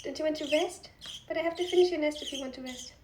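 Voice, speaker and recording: A woman's voice: sits high, fast. A woman on a casual pet vlog, talking in cooing baby talk to her bird. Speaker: vlogger. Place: home with pet birds. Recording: echoey room, mic at a distance, loud noise. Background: budgie chirps.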